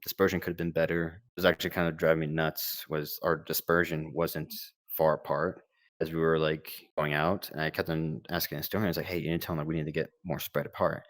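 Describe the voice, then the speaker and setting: A young man with a low, deep voice tells his story in a relaxed, rambling way, full of "like" and acted-out dialogue. The sound is dry and close, with no room around it. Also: quick pace, no room sound. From United States. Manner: laid-back, rambling, lots of fillers and quoted dialogue. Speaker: former Marine combat medic recounting war experience. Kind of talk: casual storytelling interview.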